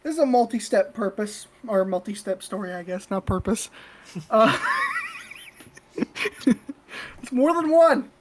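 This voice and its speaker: A woman's voice: fairly high pitch, expressive, slow, long pauses, slight background noise. A woman co-hosting a podcast, telling a story in a casual, blunt and profane way. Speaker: podcast co-host.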